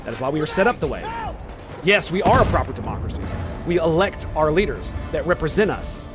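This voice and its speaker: A young male streamer in casual chat with viewers, getting worked up and profane as he argues. His voice sits a little higher than most men's. He keeps firing rhetorical questions back at the chat. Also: very animated, a little fast, music in the background. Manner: heated, profane ranting at chat; argumentative, fires rhetorical questions. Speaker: game streamer.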